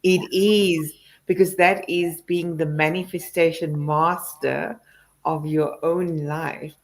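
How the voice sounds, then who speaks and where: Slow, low-voiced female host. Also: fairly even intonation, poor audio. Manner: reflective, affirming. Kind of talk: conversational interview.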